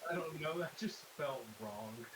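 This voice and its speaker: A man's voice: on the high side, a little slow. A man playing a tabletop game, joking around in casual chat. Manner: joking, animated. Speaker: player. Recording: hissy home recording.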